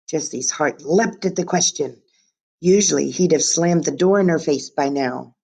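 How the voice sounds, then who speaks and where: A woman's voice: deep voice, normal speed, gravelly, a little mellow, breathy edge. A woman teacher reading a book aloud to her students on a webcam, adding chatty asides as she goes.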